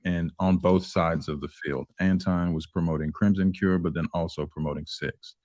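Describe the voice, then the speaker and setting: A male panelist in an online discussion, asking measured, probing questions. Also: deep voice, fairly even intonation, darkish tone, no room sound, studio quality. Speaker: panel guest.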